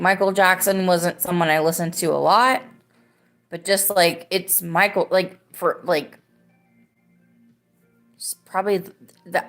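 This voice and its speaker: A woman's voice: lowish voice, a bit bright. A woman in her thirties hosting a podcast, telling a story casually and rambling with many fillers and restarts. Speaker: podcast host.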